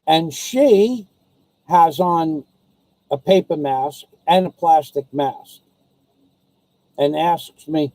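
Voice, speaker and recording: A man vlogging in a rambling, casual monologue, telling stories and quoting people as he grumbles about high prices and masks. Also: drawn-out words, long pauses, warm tone, no room sound, rough recording.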